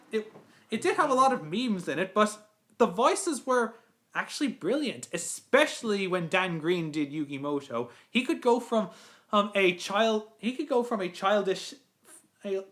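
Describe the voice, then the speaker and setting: A man chatting as a guest on a live stream, animated and often correcting himself mid-sentence. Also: high-pitched. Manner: animated, with frequent self-corrections. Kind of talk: casual live stream chat.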